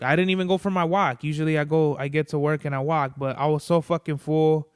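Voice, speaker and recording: Podcast host, male, loose rambling monologue, slightly high and crisp, dry close sound. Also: fairly even intonation, fast talker, dry recording. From Mexican-American family. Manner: rambling, profane, lots of "like" and "bro". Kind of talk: casual solo monologue.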